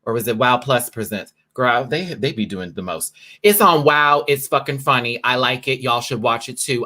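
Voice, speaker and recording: A man's voice: mid-range voice, pushed and bright. Male live-stream host, campy and chatty, drag slang, talking from his apartment. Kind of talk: casual live-stream chat.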